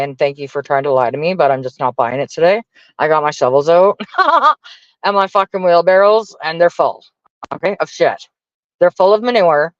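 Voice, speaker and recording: A man's voice: fairly high pitch, fairly bright tone, no echo, lo-fi sound. A man venting casually to his stream viewers, profane and exasperated as he rants. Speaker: livestreamer talking to chat.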